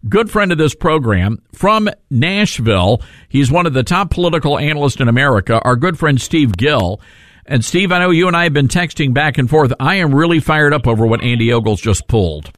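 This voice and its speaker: A man's voice: a little high, expressive, a little fast, fairly bright tone, dry recording. A man hosting a political talk radio show, indignant and joking with callers and his studio crew. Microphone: studio microphone.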